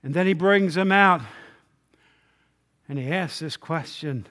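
A man preaching a sermon to his congregation in a conversational way, asking the room rhetorical questions and swinging between loud and hushed delivery. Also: fairly high pitch, a little slow, pauses often. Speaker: pastor. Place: church sanctuary.

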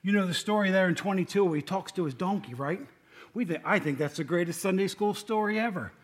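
In a casual sermon peppered with jokes, a male lay preacher keeps asking his congregation questions. His voice is high-pitched and his pace is quick.

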